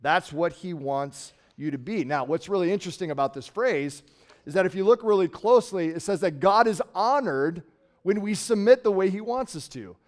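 A middle-aged man from Nebraska preaching a sermon in a conversational way, swinging from loud emphasis to quiet trailing words. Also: sits high, lively intonation, normal speed. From Nebraska, USA. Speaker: pastor.

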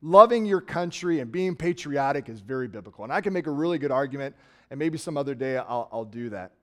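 A middle-aged man from Nebraska preaching a sermon in a conversational way, swinging from loud emphasis to quiet trailing words. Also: medium pitch, lively intonation, quick pace. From Nebraska, USA. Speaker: pastor.

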